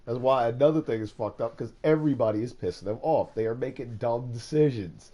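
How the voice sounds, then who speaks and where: A man streaming, chatting casually about a movie in an animated, profane way, going from quiet to loud and laughing often. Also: mid-range voice, brisk, few pauses. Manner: laughs often while talking. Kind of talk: casual chat.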